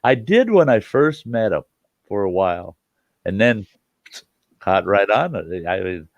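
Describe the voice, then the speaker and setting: An easygoing man hosting a relaxed live-stream chat with friends, rambling through his stories. His voice is fairly low, and the audio sounds dry, dull and a little lo-fi. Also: measured pace, no room sound. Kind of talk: casual chat.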